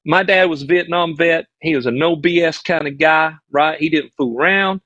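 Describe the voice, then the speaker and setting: A man's voice: fairly high pitch, moderate pace, fairly bright tone, no room sound, highs cut off. A middle-aged man with a Southern US accent, a podcast guest telling a childhood story in an earnest, rambling way that often restarts its sentences. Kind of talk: casual storytelling on a live stream.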